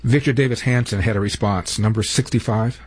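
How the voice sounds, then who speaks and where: Brief: man, political talk host, measured and pointed, husky voice. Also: fairly low pitch. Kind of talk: political commentary with played clips.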